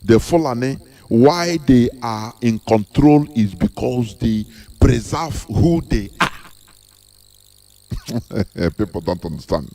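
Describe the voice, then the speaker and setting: A man's voice: mid-range voice, animated, takes it slowly, dark tone, soft background music. A man with a Nigerian accent giving an impassioned monologue, repeating rhetorical questions with emphatic, preachy delivery. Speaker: activist speaker.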